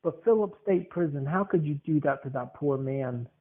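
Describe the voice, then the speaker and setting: Casting: a man in his twenties with a slightly high voice, a rambling, chuckling storyteller hosting a podcast. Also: animated, moderate pace. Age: 20s. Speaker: podcast host. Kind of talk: casual rambling monologue. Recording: tinny phone-like lo-fi sound.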